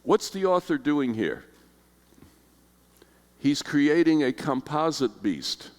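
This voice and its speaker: An older man teaches a Bible class in a conversational way. He keeps checking in with his listeners and asking them questions. His voice sits a little high, and it rings out with a long echo in a lecture hall. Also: big pitch swings, slow pace, a little mellow. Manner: conversational, asks the audience questions. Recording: hall reverb.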